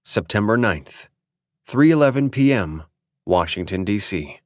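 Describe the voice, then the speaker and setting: A man narrating an audiobook in measured, even storytelling. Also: on the low side, no echo, studio quality. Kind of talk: scripted narration.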